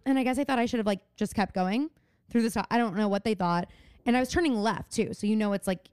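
A woman's voice: fast, clear, resonant tone, no room sound. A young woman co-hosting a podcast, telling stories with lots of swearing and dramatic delivery. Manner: expressive, swears freely, dramatic swings from low mutters to squeals. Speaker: podcast co-host. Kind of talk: casual chat.

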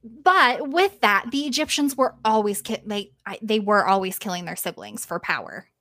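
Casting: casual, lively woman storyteller, middle pitch, dry studio sound. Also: normal speed, no echo. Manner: lively, casual swearing, acts out quotes. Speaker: podcast host.

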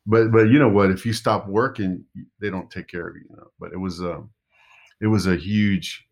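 A man's voice: low voice, fairly even intonation, normal speed. A middle-aged man, an actor, telling rambling anecdotes in a casual interview, often restarting his sentences. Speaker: actor guest.

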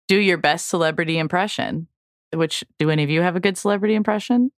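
A woman's voice: lowish voice, fast talker, dry recording. A woman co-hosting a podcast, reading a list of dares aloud with dry jokes in casual chat. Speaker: podcast co-host.

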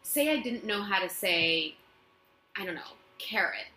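A woman actress telling self-mocking stories in a casual interview in her apartment, quick to laugh. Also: mid-range voice, animated, bright, forceful tone. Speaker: guest actress. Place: her own apartment living room. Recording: echoey room.

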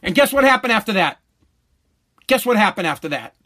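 A man's voice: sits high, big pitch swings, brisk, pushed and bright. A middle-aged man, hosting a show and telling a profane story bluntly, with many restarts. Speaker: show host.

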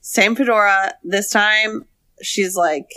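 A woman's voice: medium pitch, fairly even intonation, slow pace, bright, forceful tone. A young woman co-hosting a casual podcast chat, giggling as she recaps a movie and acts out the characters' lines. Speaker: podcast co-host.

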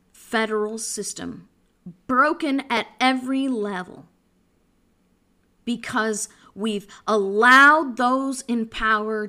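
An impassioned woman gives a podcast commentary monologue in a high, bright voice. She speaks slowly and preachily and often restarts her sentences. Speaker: podcast host.

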